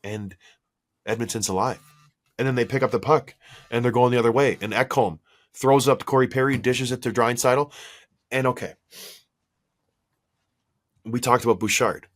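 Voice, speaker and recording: A hoarse man co-hosting a hockey podcast, breaking down plays in a worked-up, exasperated way, full of rhetorical questions. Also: medium pitch, moderate pace, long pauses. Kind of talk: heated sports analysis chat.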